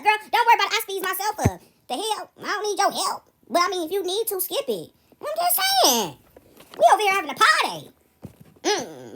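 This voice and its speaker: A young adult woman with a very high voice tells her viewers a casual story. She's animated, speaks to them directly, and often breaks into laughter.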